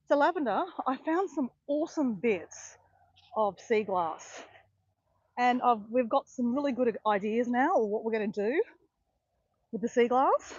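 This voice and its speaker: A woman chatting excitedly to live viewers on a phone while walking outdoors on a beach. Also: on the high side, no echo. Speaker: walking vlogger on a live stream. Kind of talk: casual chat to live viewers. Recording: dull lo-fi phone audio.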